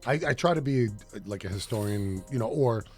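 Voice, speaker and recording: A man's voice: on the low side, expressive, brisk, a little mellow, soft background music. A man co-hosting a casual podcast, rambling and correcting himself as he tells stories. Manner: rambling, self-correcting storyteller. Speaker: co-host.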